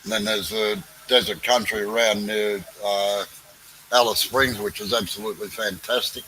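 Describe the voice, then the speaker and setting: A man's voice: lowish voice, expressive, normal speed, vocal fry, bright, forceful tone, slight background noise, rough recording. A man with an Australian accent in casual chat, talking in a laid-back drawl with blunt local slang.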